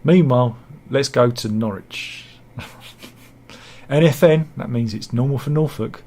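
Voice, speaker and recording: A man's voice: mid-range voice, takes it slowly, warm tone. Wry man doing comic news asides. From England. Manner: wry, self-mocking asides and mock-dramatic quips. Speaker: satirical news commentator. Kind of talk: casual comic commentary.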